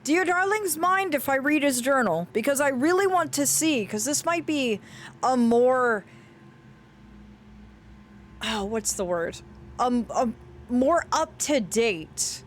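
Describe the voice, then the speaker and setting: A woman streaming a game, chatting playfully with her viewers and reading in-game journals aloud in a soft storytelling voice. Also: high-pitched, lively intonation, measured pace, slight background noise. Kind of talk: gameplay commentary with a read-aloud journal.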